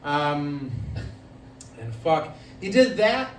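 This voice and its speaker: A man's voice: a little high, big pitch swings, very slow, roomy sound, far from the mic, slight background noise. A man doing rambling stand-up comedy that he admits he is making up as he goes, often laughing at his own jokes. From Italian-American family. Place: live comedy venue, heard from the stage.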